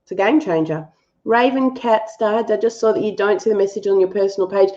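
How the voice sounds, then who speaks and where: A woman's voice: medium pitch, fairly quick, mellow, muffled recording. A woman hosting a live-stream animal reading and answering viewers, affectionate and thinking aloud with fillers.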